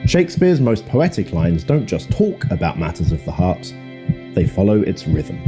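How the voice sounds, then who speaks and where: A man giving scripted narration for an educational video, with a measured, clear explanatory delivery. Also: low-pitched, sing-song, over music.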